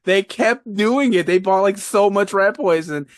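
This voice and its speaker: A man's voice: high voice, measured pace, no echo, studio quality. A man co-hosting a podcast in casual chat, rambling with frequent laughs and casual swearing. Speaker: podcast co-host.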